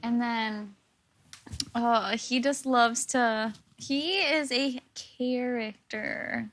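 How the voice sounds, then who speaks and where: Young woman interviewee, bright and high, chatty storyteller. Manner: rapid, filler-heavy, animated. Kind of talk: casual storytelling.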